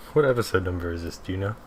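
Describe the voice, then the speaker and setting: A man's voice: low-pitched, background noise. A man hosting a let's-play, joking dryly and laughing often while he plays. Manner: teasing, laughs often, dry jokes. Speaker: lets-play host, playing the game. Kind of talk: casual lets-play commentary. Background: game music.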